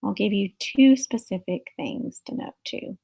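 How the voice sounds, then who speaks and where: A woman's voice: mid-range voice, unhurried, vocal fry, mellow, husky, poor audio. A woman teacher giving an earnest, practical lecture on managing a classroom, illustrated with stories from school.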